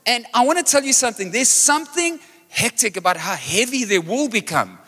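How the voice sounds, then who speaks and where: A man preaching a sermon as pastor, animated and joking as he tells a story. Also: very high voice, fairly quick, husky. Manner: energetic, animated storytelling with jokes. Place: large church hall. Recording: live church hall reverb with music.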